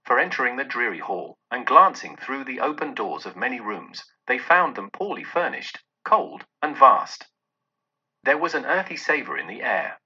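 A man's voice: medium pitch, slightly rough. A man expressively narrating a classic novel aloud. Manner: expressive storytelling. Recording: dull lo-fi audio.

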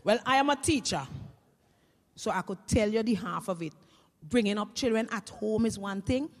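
A Vincentian woman, a teacher, telling comic stories to an audience in a lively, animated way. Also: mid-range voice, moderate pace, in a large hall. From Saint Vincent and the Grenadines. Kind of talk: comic stage storytelling.

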